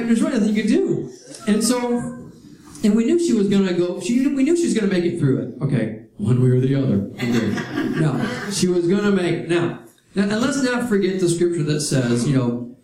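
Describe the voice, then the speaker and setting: A man's voice: sits high, big pitch swings, normal speed, crowd noise. A man preaching a sermon, telling stories with humorous asides. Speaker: pastor. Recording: echoey hall with audience.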